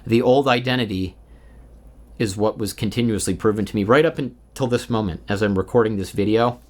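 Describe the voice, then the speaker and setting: A man in his thirties, a vlogger, rambles alone indoors in an unscripted stream-of-consciousness monologue, candid and full of profanity and filler. His voice is lowish and darkish, and he talks fairly quickly.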